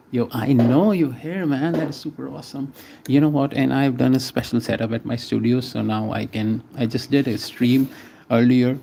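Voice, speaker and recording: During a casual live drawing stream, an artist labels each stroke aloud and talks with his viewers between them. His voice sits at a medium pitch, creaky and warm, and there's slight background noise.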